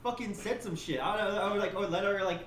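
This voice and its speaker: A man rambling defensively and excitedly in profane casual chat. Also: high voice, fast talker, echoey room, a crowd in the background.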